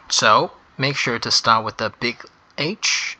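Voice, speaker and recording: An English grammar teacher walks through a lesson very slowly and deliberately, patient and step by step. His medium-pitched voice is bright and sharp, and he stresses the key words as he explains.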